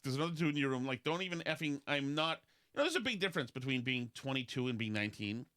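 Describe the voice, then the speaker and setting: A man's voice: lively intonation, quick pace, bright, forceful tone, smooth. Rambling man telling stories on a podcast. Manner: rambling storyteller, mimics others in high voices. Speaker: podcast host. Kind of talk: casual talk show banter.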